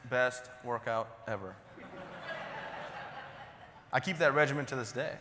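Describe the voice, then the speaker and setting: A man's voice: mid-range voice, unhurried, noisy background. A man in his thirties giving a humorous, self-deprecating motivational keynote in a conversational, joking way. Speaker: motivational speaker. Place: large conference hall. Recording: long hall reverb.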